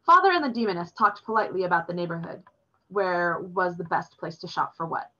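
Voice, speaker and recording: A woman reading a novel aloud in a plain, steady storytelling manner, recorded with dull lo-fi sound. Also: fairly low pitch, fairly quick.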